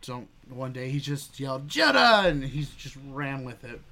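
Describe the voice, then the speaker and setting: A man's voice: medium pitch, little pitch movement, moderate pace. A young man casually telling a funny work story as a podcast co-host, laughing and swearing freely.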